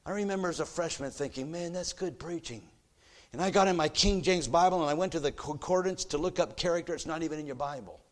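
A middle-aged man preaching a sermon, telling a personal story and swinging from hushed, soft passages to loud, forceful exhortation. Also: fairly high pitch, fast, few pauses. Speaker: pastor.

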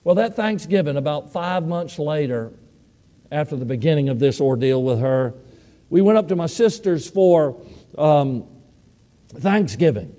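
A man's voice: on the high side, expressive, unhurried, warm tone. A man preaching a sermon, telling a personal story in a folksy, heartfelt way with repeated words. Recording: long hall reverb.

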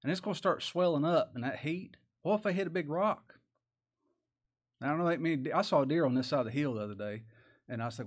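Folksy male preacher, slightly high voice. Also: brisk. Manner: folksy, conversational, rhetorical questions, chuckles. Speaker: pastor. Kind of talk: sermon.

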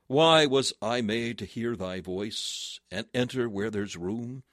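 A man's voice: fairly low pitch, a little slow, few pauses, no room sound. Solemn male preacher, dry close sound. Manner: solemn, rising to fervent exclamations. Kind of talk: sermon reading.

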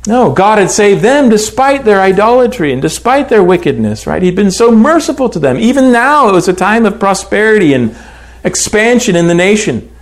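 A man teaching a Bible lesson, reading scripture aloud and commenting on it with lively emphasis. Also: sits high, normal speed.

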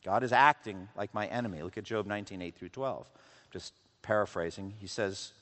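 Man preaching in a reverberant hall. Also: fairly quick. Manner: dramatic swings from loud intensity to hushed lows. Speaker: pastor. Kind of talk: sermon.

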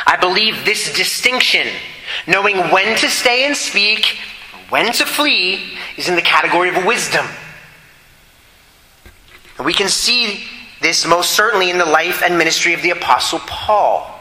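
High bright voiced guy preaching, earnest, big echoey church hall. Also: expressive, normal speed, a little hiss or hum. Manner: earnest, emphatic, repeats key points. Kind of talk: sermon. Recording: echoey hall with long reverb.

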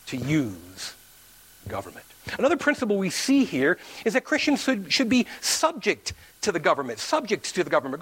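Animated high-voiced man preaching. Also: husky. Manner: animated preaching, acts out quoted voices with big pitch swings. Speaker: pastor. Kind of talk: sermon.

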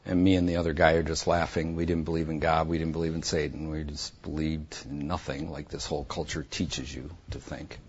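A man bluntly and intensely telling his personal testimony, with a husky voice. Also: extremely low pitch, flat delivery, brisk, hardly any pauses, dull audio. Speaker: speaker giving a personal testimony.

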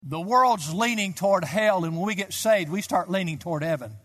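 Older male pastor, fervent pulpit delivery, high-pitched, long church reverb. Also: lively intonation, normal speed. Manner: impassioned preaching, swings from soft to loud. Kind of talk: sermon.

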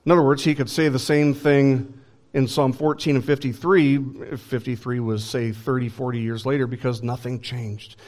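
A man's voice: medium pitch, fairly even intonation, normal speed, a little mellow. A man preaching a sermon in a conversational way, with frequent fillers and restarts. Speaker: pastor.

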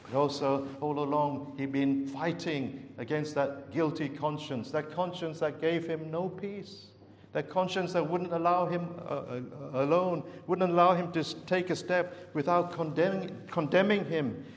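Male preacher with a fairly high voice, earnest dramatic sermon, long hall reverb. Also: fairly even intonation, a little slow. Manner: earnest, dramatic storytelling with big swings.

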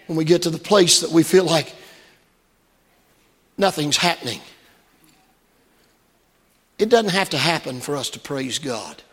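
A man's voice: fairly high pitch, animated, measured pace, pauses often, fairly bright tone, slightly rough, in a large hall. A man preaching a sermon to his congregation, earnest and repetitive, asking them direct questions. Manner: earnest, repeats phrases, rhetorical questions to the congregation. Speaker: pastor. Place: church.

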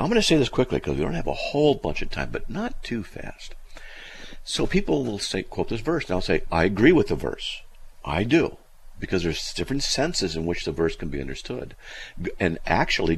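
A man hosting a Bible teaching show, animated and emphatic, his voice jumping high when he gets excited, pausing to look up verses as he thinks aloud. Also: creaky, slightly rough.

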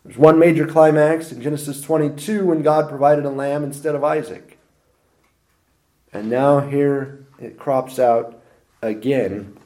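Male preacher, warm mellow tone, emphatic sermon delivery. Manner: emphatic, with strong swings of pitch and loudness.

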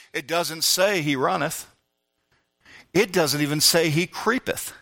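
A man preaching a sermon as pastor, who moves from low, measured talk to shouted preaching. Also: vocal fry. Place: church.

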